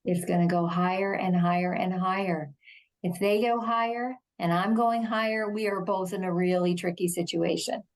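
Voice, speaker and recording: A middle-aged woman with a quiet, soothing voice, speaking slowly and gently as a guest explaining de-escalation in a TV interview. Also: fairly low pitch, steady tone. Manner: slow, measured, gentle delivery. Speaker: shelter executive director, interview guest.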